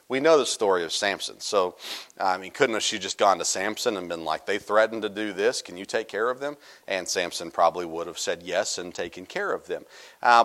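A middle-aged male pastor preaching a sermon in a casual, joking storytelling manner with quick asides. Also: fairly low pitch, fairly bright tone.

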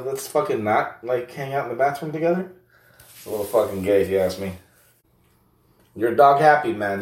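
A man's voice: mid-range voice, voice pushed up, close to an everyday voice. A man doing a crude, taunting buddy voice. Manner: crude, taunting, constant swearing. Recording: roomy echo, distant mic.

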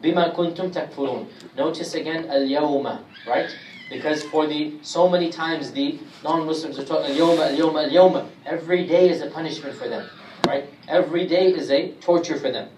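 A man teaching a Quran commentary class, speaking emphatically and reciting Arabic verses rapidly. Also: on the high side, steady tone, a little mellow. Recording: echoey room, distant mic, faint hiss.

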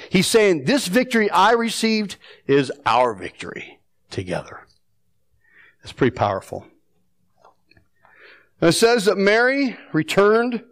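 A male pastor preaching a sermon in a conversational, animated way, asking rhetorical questions and acting out the people he quotes. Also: on the high side. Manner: animated, acts out the quoted speakers.

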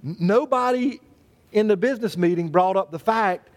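Male pastor, high voice, folksy preaching, jokes with the congregation. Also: normal speed. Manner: folksy, joking, addresses congregation by name. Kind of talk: sermon.

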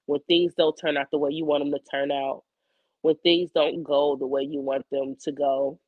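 A hoarse woman in her forties with a fading voice and a cough, talking candidly and reflectively in her personal video journal. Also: low-pitched, level tone, moderate pace, dry recording, phone-quality sound. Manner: candid, rambling, colloquial, reflective. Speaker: psychic medium keeping a video journal.

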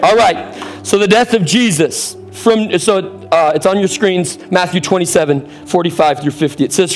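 Energetic preacher man, higher voice. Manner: energetic, calls for congregation responses. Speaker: pastor. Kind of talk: sermon. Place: church sanctuary with congregation.

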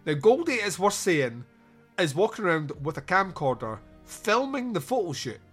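A man's voice: high voice, sing-song, faint music behind. A man hosting a podcast, reviewing a movie in casual, sarcastic chat with frequent laughs. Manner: laughing, sarcastic, quick asides. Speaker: podcast host.

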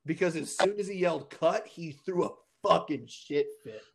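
A man's voice: a little high, animated, normal speed, vocal fry, slight background noise. A young man co-hosting a casual podcast, rambling with restarts and laughing often. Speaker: podcast co-host. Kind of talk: casual chat.

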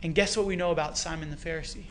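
A Canadian man preaching a sermon, retelling a story with rhetorical questions and lively emphasis. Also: a little high, racing, a little hiss or hum. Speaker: pastor.

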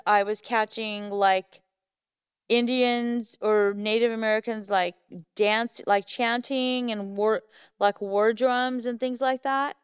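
A woman tells a story in lively, casual fashion, slipping into the voices of the people she quotes. Her voice sits a bit high and sounds very smooth and clean. The recording is dry and somewhat dull. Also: no room sound. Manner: animated, acts out quoted voices. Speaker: podcast guest, Bigfoot researcher.

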